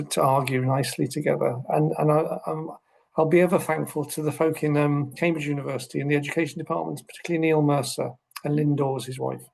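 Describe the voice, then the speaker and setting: Middle-aged man, podcast guest; gravelly, husky, a bit higher-pitched, animated explainer. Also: low-quality recording. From United Kingdom. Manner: animated storyteller, acts out quoted speech. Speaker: guest, social care researcher. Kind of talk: conversational podcast interview.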